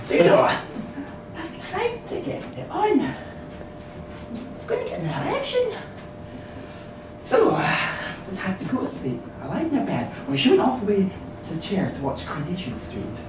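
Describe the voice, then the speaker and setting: A performer playing an excitable young man who tells a rude tale while giggling and shrieking. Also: mid-range voice, normal speed, long pauses, distant mic. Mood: giggly. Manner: giggling, shrieking, breathless storytelling. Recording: echoey room from afar, hissy.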